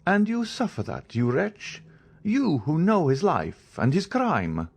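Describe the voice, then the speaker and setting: A man's voice: a little high, wildly swooping pitch, takes it slowly, creaky, breathy edge, pitched above the performer's own voice, full character voice. A man reading the part of a stern, commanding count disguised as a priest, questioning in an audiobook. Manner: commanding, interrogating.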